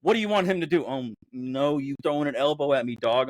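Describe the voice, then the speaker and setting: A man's voice: a little high, fairly quick, dry recording, clean studio sound. Heated, profane male sports podcaster. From Houston area. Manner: heated, profane, animated rants. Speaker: podcast co-host. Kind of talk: casual sports chat.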